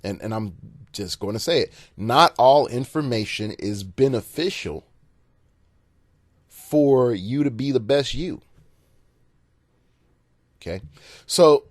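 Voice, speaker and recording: A man's voice: on the low side, no echo, studio quality. A man hosting a solo podcast and coaching gamers in a rambling, casual monologue, repeating words and chuckling at his own jokes. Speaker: podcast host and game coach.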